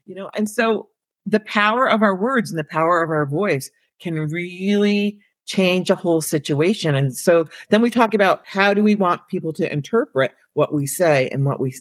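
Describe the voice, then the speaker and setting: A woman, an elementary school counselor, telling a story in casual, animated talk with lots of "like" and "you know.". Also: lowish voice, normal speed, dry recording.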